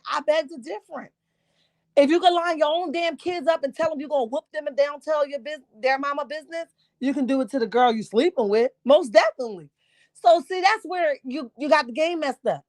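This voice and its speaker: A woman's voice: sits high, brisk, a little mellow, no room sound, clean studio sound. A woman hosting a casual live commentary stream from home, sassy and emphatic, often asking "right?". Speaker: livestream host.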